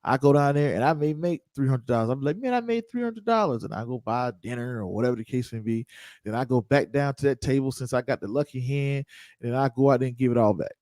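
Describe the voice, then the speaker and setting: A man's voice: mid-range voice, fairly even intonation, fast, a little mellow, no echo. A man hosting an investing livestream, talking loosely and joking with viewers, repeating his points. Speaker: host of investing show. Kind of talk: casual livestream talk.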